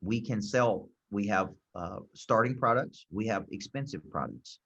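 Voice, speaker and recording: A man with a low, husky voice coaches salespeople in an emphatic, motivational style, hammering home his key phrases. The recording sounds dull and lo-fi. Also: normal speed, a bit bright.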